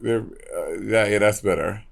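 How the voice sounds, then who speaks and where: A man's voice: fairly low pitch, normal speed, creaky. Brash, profane man in banter. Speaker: podcast co-host. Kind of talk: casual chat.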